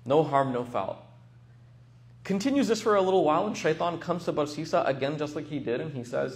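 Animated young man telling a story. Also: fairly high pitch, brisk. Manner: casual, animated storyteller full of fillers. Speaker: religious teacher. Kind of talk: casual storytelling talk.

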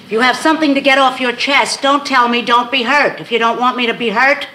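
An actress playing a fussy, meddling older mother in a 1970s sitcom, chatty and quick to take offense. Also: on the high side, noisy background, lightly acted. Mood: hurt. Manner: chatty, needling, quick to feel hurt. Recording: TV studio with audience laughter.

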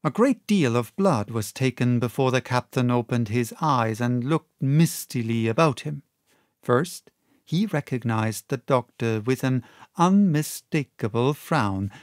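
A man reading a classic novel aloud as an audiobook narrator, with measured and expressive storytelling. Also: medium pitch, dry recording, studio quality.

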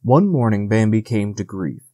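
A man reading a storybook audiobook in a calm, measured narration. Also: on the low side, no room sound, studio quality. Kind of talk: scripted narration.

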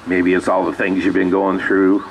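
Low-voiced man preaching casually. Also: completely flat delivery, moderate pace, a little hiss or hum, low-quality recording. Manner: conversational, reads scripture aloud with asides. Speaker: pastor. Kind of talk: sermon. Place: small church sanctuary.

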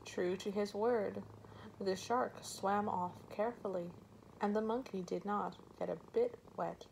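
A woman narrating a storybook tale aloud in a calm, measured way. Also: mid-range voice, creaky, a little hiss or hum, rough recording.

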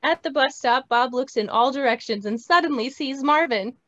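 Woman reading stage directions, high voice, dry muffled lo-fi call audio. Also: normal speed. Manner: plain, steady reading. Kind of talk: script table read. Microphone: video call.

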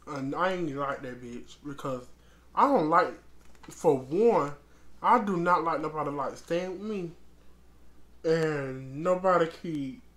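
A transgender woman telling a storytime vlog in a blunt, profane, rambling way, calling her listener girl. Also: low-pitched. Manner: rambling with many restarts. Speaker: vlogger.

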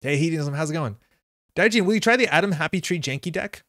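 A man's voice: on the high side, expressive, fast, fairly bright tone, no room sound, studio quality. A man from North America streaming a card game live, chatting casually with viewers in a rambling way, full of fillers and self-corrections.

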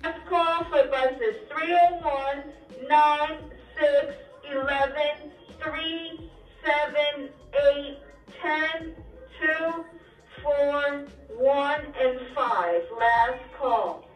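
A woman calling out bus numbers, yelling into a school intercom. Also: high-pitched, very slow, soft background music. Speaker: school announcer. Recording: echoey intercom heard from far off.

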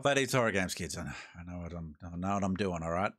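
A man's voice: low voice, lively intonation, fast talker, a bit bright, slight background noise. An Australian man giving laid-back, joking commentary while playing a horror game, talking to himself as he goes. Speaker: gaming host. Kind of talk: let's-play commentary.

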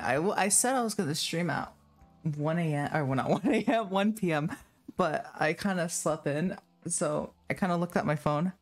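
A man streaming a horror game, chatting in a rambling, self-mocking way and breaking into screams and laughter when scared. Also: on the high side. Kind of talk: live game commentary.

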